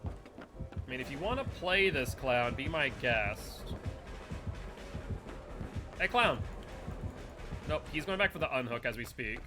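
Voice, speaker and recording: A man's voice: medium pitch, lively intonation, normal speed, over music. A man giving casual running commentary while playing a game live and chatting with viewers and teammates. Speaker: streamer.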